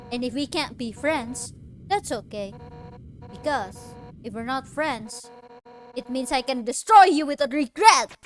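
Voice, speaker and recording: A brash fish warrior woman from a video game, blunt and boastful, voiced by a woman reading her lines aloud, pitched high. Faint game music plays behind her. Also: sharp tone. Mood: defiant.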